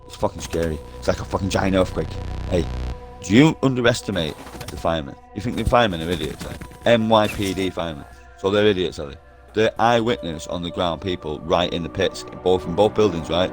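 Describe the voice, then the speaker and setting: A man in an online game party chat, ranting nonstop in a profane, repetitive and insistent way over a headset. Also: lowish voice. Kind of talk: rambling conspiracy rant.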